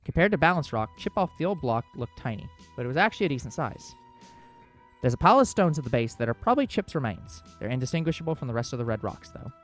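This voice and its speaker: A man's voice: medium pitch, faint music behind. A man hosting a let's play, reading a visual novel's narration aloud with small slips. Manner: quick, steady storybook reading with small slips.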